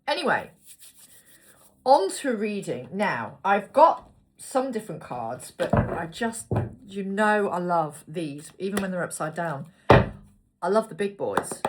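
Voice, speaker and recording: A woman's voice: mid-range voice, very animated, slow, noisy background. A woman giving a casual tarot reading to her viewers, chatty and rambling, with spoken asides while she picks cards. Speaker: tarot reader.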